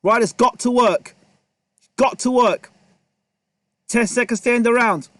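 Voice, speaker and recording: High-voiced excitable boxing commentator. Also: male voice, a little slow, no echo. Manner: excitable, repetitive, talks to the fighters. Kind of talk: live play-by-play commentary.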